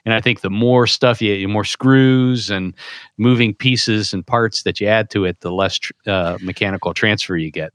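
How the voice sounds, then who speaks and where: Podcast co-host, hesitant and halting, somewhat low, dry close mic. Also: male voice, fairly even intonation, fairly bright tone, no room sound. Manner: halting, full of fillers. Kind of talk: casual chat.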